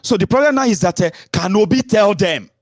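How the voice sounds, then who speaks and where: Animated Nigerian-accented man, dry sound. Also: a little fast, no room sound. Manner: animated, mixing in pidgin, rhetorical questions, big jumps in pitch. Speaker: radio and online show host. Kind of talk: casual political commentary. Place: at home.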